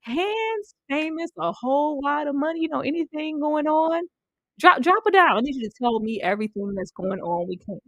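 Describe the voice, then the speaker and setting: A woman chats through her review of a TV series, teasing and giggling often between remarks. Her fairly high voice swoops with animated, lively intonation. She is recorded close up in a dry, dead room. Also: brisk, no echo. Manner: playful, teasing, keeps apologizing. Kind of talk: casual review chat.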